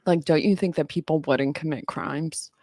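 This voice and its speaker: A woman's voice: low voice, moderate pace, mellow, no room sound, clean studio sound. A woman around thirty giving casual, offhand commentary on a live stream, mocking herself and laughing often.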